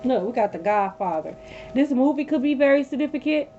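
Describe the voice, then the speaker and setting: A woman's voice: sits high, expressive, brisk, dark tone, soft background music. A woman giving a live tarot reading from her bed, blunt and profane, repeating her points for emphasis. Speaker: tarot reader. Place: sitting on a bed at home. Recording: dull lo-fi audio with faint hum.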